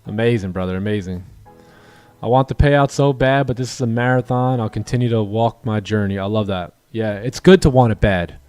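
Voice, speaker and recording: A man hosting a live trading stream, encouraging his students and telling animated stories with voiced quotes. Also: a little fast, clean tone, no room sound, faint music behind. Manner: animated storytelling, acts out quoted dialogue in a higher voice; encouraging, motivational. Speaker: day-trading coach and stream host. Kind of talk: casual livestream chat.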